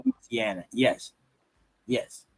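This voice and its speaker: A man's voice: medium pitch, slow pace, husky. A man hosting a casual chat, talking in a slangy way and explaining things point by point. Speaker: host.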